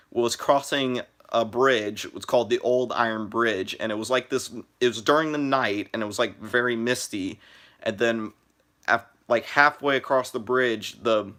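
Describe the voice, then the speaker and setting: A man's voice: medium pitch, fairly bright tone. Rambling young man on a live stream. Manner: rambling, many fillers and restarts. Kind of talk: casual live stream chat.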